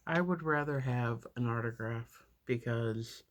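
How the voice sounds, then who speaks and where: A woman's voice: very deep voice, a little slow, slight background noise. A woman in her fifties telling a story casually while doing her makeup, rambling with lots of fillers and restarts.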